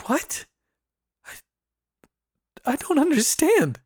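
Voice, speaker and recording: A man voicing a terrified teenage girl who pleads in a high, shaky voice. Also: huge pitch swings, slow, dry recording, studio quality, full character voice. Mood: bewildered.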